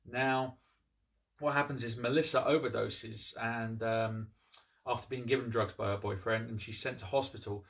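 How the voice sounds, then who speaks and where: Relaxed man retelling a film plot. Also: mid-range voice, moderate pace, creaky. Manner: relaxed plot retelling, frequent ums and restarts. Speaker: movie review host. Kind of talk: casual spoken movie review.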